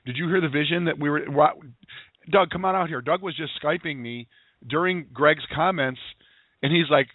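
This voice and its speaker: A man's voice: fairly high pitch, normal speed, dry recording. A man hosting a sales call, exhorting listeners in a pumped-up way and repeating phrases for emphasis. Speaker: host. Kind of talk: motivational sales call talk. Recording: tinny phone-line audio.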